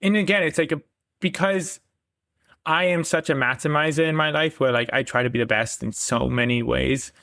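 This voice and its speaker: A man's voice: a little high, moderate pace, vocal fry, a bit bright, no room sound, clean studio sound. A man speaking as a podcast guest in a casual conversation, enthusiastic and self-deprecating, laughing often.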